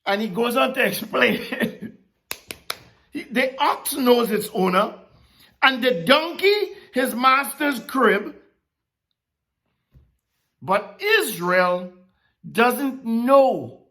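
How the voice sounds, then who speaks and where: A preacher giving a casual, animated sermon, laughing often and slipping in slangy asides. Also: medium pitch, very slow, pauses often.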